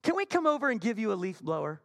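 A preacher acting out a cheerful male neighbor who gushes with thanks, friendly and effusive, raising his voice a little higher and brighter than his own. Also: big pitch swings, quick pace, vocal fry, full character voice. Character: cheerful grateful neighbor man.

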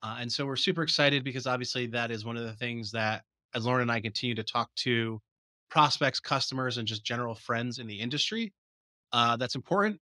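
A man's voice: medium pitch, fairly quick, sharp tone, no echo, studio quality. A man from New Jersey co-hosting a podcast, talking in a chatty, rambling way. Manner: chatty, rambling, lots of fillers. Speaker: podcast co-host. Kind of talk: casual podcast chat.

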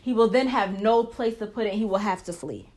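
A woman's voice: medium pitch, fairly quick, a little mellow. A woman hosting a casual faith talk, earnest and encouraging, who breaks into short prayers as she speaks. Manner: earnest, encouraging, prays aloud mid-talk. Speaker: faith and marriage podcast host.

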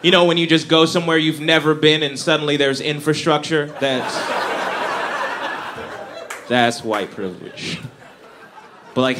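A young man doing a stand-up comedy set, talking in a wry, conversational way and chuckling at his own jokes. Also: mid-range voice. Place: comedy club stage. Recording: live club recording with crowd and noise. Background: audience laughter.

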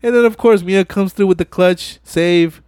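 A man hosting a podcast, excitedly retelling a movie scene by scene in profane, casual slang. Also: high-pitched, moderate pace, smooth, dry recording, clean studio sound. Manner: profane, animated retelling full of "you know what I'm saying". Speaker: podcast host. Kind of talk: casual movie-recap chat.

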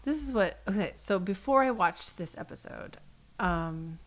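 A woman co-hosting a podcast, chatting casually and animatedly, dropping into hushed asides. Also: fairly low pitch, a little slow. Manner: animated, drops into hushed asides and mock voices. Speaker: podcast co-host. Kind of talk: casual chat recapping a reality show.

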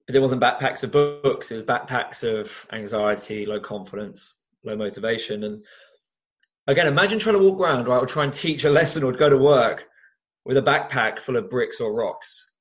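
An earnest young Englishman speaking as an interview guest and telling personal stories at an ordinary, mid-range pitch. He gets animated and often restarts his sentences as he talks. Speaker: guest, former teacher and youth coach. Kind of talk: conversational interview storytelling.

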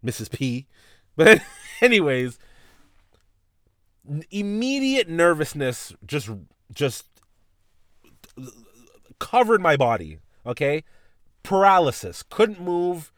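A man with a fairly high voice hosts a podcast, recounting a childhood story casually and with plenty of profanity. He speaks slowly with long pauses, animatedly voicing his teacher and mom as he retells it. The studio-quality recording has no echo.

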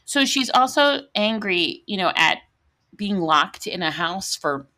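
Middle-aged woman, podcast co-host, casual chat, bright tone, lively swings, animated storyteller. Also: mid-range voice, measured pace. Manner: animated storyteller, laughs often, many fillers.

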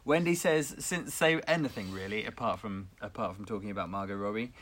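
A man's voice: on the low side, a little fast, a bit bright. A man co-hosting a casual community radio chat, reading out listener comments with lots of restarts. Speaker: co-host.

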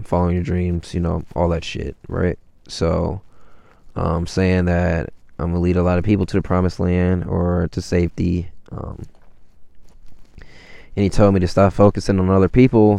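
Deep gravelly young guy rambling. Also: dark tone, no room sound. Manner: rambling, slangy, swears a lot. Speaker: traveler telling his story. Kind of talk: casual storytelling.

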